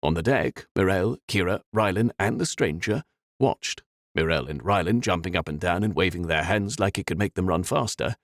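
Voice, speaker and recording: Male narrator, very deep, animated delivery, dramatic fantasy reading. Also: moderate pace, no room sound, clean studio sound. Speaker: audiobook narrator.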